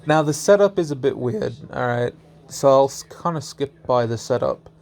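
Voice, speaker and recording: A man's voice: mid-range voice, lively intonation, moderate pace, creaky, a little mellow. A young man casually telling a strange story as a vlogger, laughing often and swearing freely.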